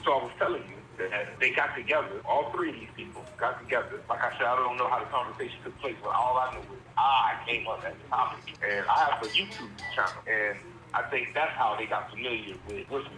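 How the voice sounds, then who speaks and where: A man's voice: mid-range voice, bright, forceful tone, a little hiss or hum, low-quality recording. A man in his forties from Virginia, talking earnestly and rambling a little in an interview, calling in by phone from prison. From Virginia, USA. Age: 40s. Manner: earnest, rambling, speaks plainly. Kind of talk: candid interview.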